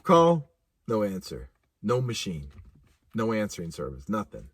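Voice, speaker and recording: A man telling a personal story casually, animated and laughing, with vivid sound effects. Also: medium pitch, normal speed, no room sound, clean studio sound. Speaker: speaker.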